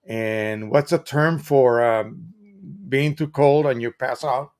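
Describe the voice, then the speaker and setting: A man's voice: mid-range voice, slow pace, darkish tone. An American man hosting a live stream, explaining printing in a chatty, casual way with examples and restarts.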